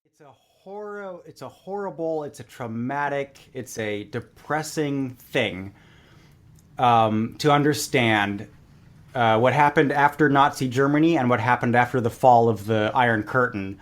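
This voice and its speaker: Guy on a podcast telling a story, lively, lots of um and you know, mid voice. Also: medium pitch, unhurried. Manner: animated storyteller, voices quoted characters, many fillers. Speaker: podcast guest. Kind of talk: casual podcast chat.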